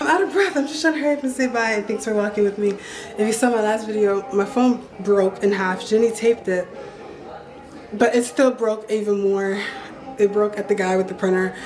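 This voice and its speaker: Strolling outdoors along a city street, a young woman talks into the handheld camera she carries, her voice medium in pitch. It's a casual walking vlog full of rambling stories and jokes at her own expense, with street ambience plainly in the background.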